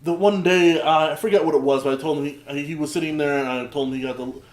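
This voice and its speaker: Fast-talking animated young man, echoey room. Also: a little high. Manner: animated, swears a lot, acts out heated quotes loudly. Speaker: podcast co-host. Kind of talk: casual storytelling chat.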